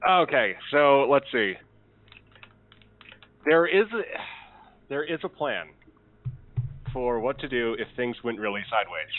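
A man's voice: medium pitch, expressive, measured pace, long pauses. A man playing a tabletop game, thinking aloud as he weighs options and gives orders. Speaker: player. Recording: tinny call audio.

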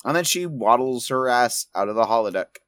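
A man's voice: medium pitch, lively intonation, brisk, a bit bright, dry recording, studio quality. A man running a tabletop game as game master, narrating casually and with some swearing.

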